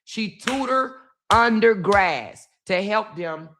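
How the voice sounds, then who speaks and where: A woman's voice: medium pitch, animated, takes it slowly, fairly bright tone. A middle-aged woman, telling a family story to her viewers in a casual, emphatic way, repeating phrases. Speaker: vlog host.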